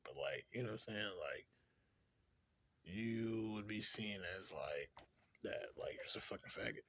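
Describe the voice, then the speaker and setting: A man with a husky, breathy voice rambles through a casual vlog monologue. He sits a little low in pitch, swears freely and keeps padding his sentences with "like" and "you know what I'm saying". He laughs off his own lost trains of thought as he goes. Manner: profane, rambling, heavy use of "like"; laughs often between thoughts. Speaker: vlogger.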